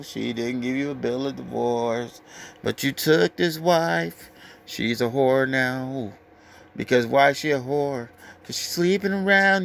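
A man giving a brash, crude, lecturing scripture rant, reading verses slowly and emphatically. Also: medium pitch, creaky. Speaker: street preacher.

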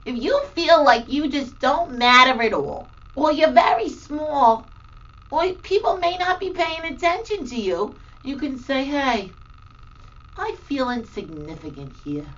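Woman doing a bright bubbly grandma figure, high lively voice, children's show, slow delivery, distant dull recording. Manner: bubbly, animated, exclamatory. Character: cheerful playful grandmother, Grandmother Nature. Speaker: segment host. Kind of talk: children's educational show acting.

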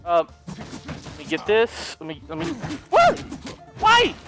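A young man giving excited co-op gameplay commentary, loud and shrieking with swearing outbursts. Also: fairly high pitch, normal speed, over music. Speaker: gaming YouTuber.

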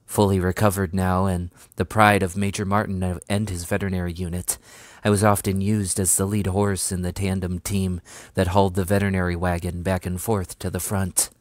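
A man narrates a novel in a low, deep voice at a measured, unhurried pace. The sound is dry and close to the mic, with no room echo. It has the feel of a calm audiobook reading. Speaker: audiobook reader.

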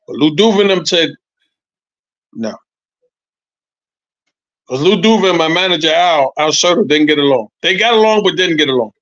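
A man in his sixties, a former boxer, telling animated, profane stories as a podcast guest, repeating his points. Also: on the high side, normal speed, long pauses, no room sound, dull audio. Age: 60s. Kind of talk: casual podcast chat.

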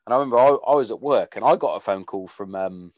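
A man's voice: lowish voice, fast talker, a little mellow, no room sound. A man hosting a podcast in casual conversation, swearing freely and trailing off mid-sentence. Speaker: podcast host.

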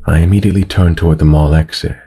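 Male horror narrator: very low, husky, slow and measured, soft music bed. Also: steady tone. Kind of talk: scripted horror story narration. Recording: narration over background music.

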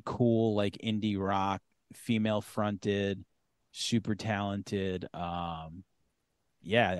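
Male podcast host, fairly low voice, casual chat, loose and profane, lots of ums, dry close sound. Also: smooth, no echo. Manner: loose and profane, many fillers.

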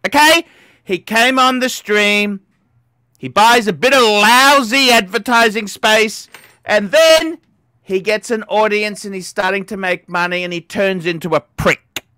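A man hosts a livestream in a profane, repetitive rant that breaks into shouting. His voice is bright and his delivery slow and drawn out. The sound is dry and close. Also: sits high, dry recording. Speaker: livestream host.

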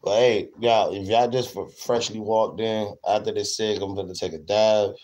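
A man's voice: lowish voice, fairly even intonation, normal speed, a little mellow, rough recording. A man livestreaming, rambling crudely and repeating himself while he talks straight to his chat. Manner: profane, repetitive, talks to chat. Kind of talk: crude rambling stream rant.

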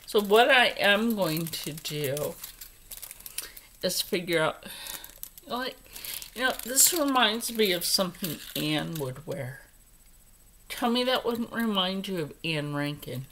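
Slow-talking woman gushing over jewelry. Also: on the low side, expressive, fairly bright tone, slight background noise, low-quality recording. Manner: chatty, gushing over jewelry, drifts into whispers. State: congested from allergies. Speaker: vlogger. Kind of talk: casual jewelry unboxing chat.

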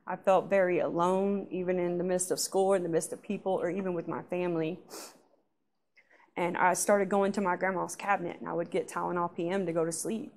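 A woman giving a personal church testimony, telling her story in a halting, soft-spoken way that often trails off. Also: fairly low pitch. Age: adult. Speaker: testimony speaker.

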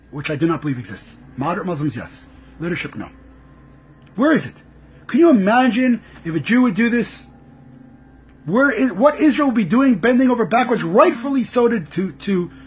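A man's voice: sits high, breathy edge. A man giving impassioned, frustrated live commentary, firing off rhetorical questions and repeating himself. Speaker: political commentator.

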